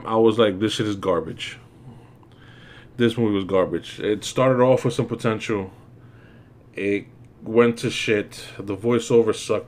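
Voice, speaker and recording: Male reviewer host, casual exasperated rant, filler-heavy and profane, mid-range voice. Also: medium pitch. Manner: ranting, exasperated, lots of fillers and swearing. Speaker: movie reviewer. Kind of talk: casual spoken movie review.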